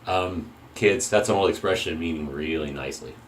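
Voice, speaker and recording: A man's voice: rumbling low, moderate pace, a little hiss or hum, low-quality recording. A man hosting a shaving channel, rambling through an opinionated casual monologue and often cutting himself off mid-sentence. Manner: opinionated, rambling, self-interrupting.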